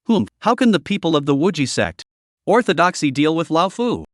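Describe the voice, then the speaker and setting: A man's voice: fairly high pitch, very animated, a little fast, no echo, studio quality. A man voicing a sneering cruel old demonic cultivator. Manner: cold, sneering, scornful.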